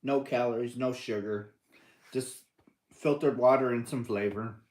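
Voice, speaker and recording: A man's voice: mid-range voice, steady tone, measured pace, a little mellow. A man with an American accent hosting a casual livestream, reading viewer comments aloud and greeting people by name in an easygoing way. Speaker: livestream host. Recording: echoey room.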